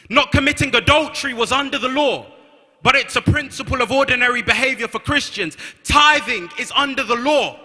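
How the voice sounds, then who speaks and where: A man's voice: extremely high pitch, pushed and bright. A man with a London accent preaching a sermon, emphatic, repeating key phrases and reading scripture aloud. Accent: London English. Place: large church hall. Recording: long hall reverb.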